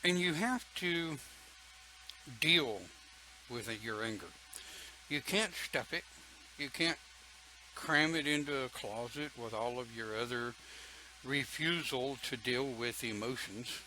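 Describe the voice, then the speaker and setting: A man's voice: medium pitch, slow, long pauses, bright, forceful tone, slight background noise, rough recording. An older man leading an online pagan church talk, folksy and chatty, reading viewer comments and laughing often.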